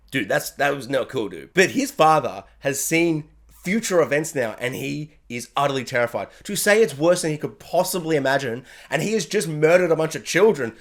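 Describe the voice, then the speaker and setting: A man giving an animated, excited spoken review, often acting out characters' lines. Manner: animated, acts out character lines with sudden high yelps. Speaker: anime reviewer.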